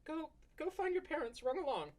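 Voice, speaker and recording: Narrator doing a shrill frantic elf woman. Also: sharp tone, no echo, exaggerated voice. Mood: weary. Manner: shrill, panicky cries. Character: frantic exhausted female elf mage. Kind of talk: tabletop role-play voice acting.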